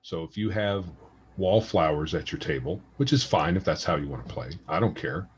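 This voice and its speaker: A man's voice: deep voice, animated, moderate pace, husky, dull audio. A man co-hosting a casual gaming podcast, giving blunt, dismissive opinions. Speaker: podcast co-host.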